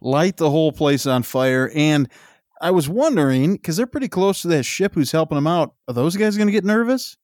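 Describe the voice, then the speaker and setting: A man's voice: fairly high pitch, lively intonation, normal speed, a little mellow, dry recording, clean studio sound. A man co-hosting a podcast, chiming in with jokes and additions in casual chat. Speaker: podcast co-host.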